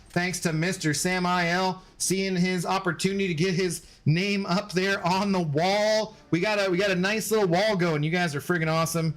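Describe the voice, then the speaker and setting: Laid-back streamer, a man, higher voice. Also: normal speed, few pauses, fairly bright tone. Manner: laid-back, laughs often, swears casually; thanks viewers for gifts by name. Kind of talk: casual livestream chat while gaming.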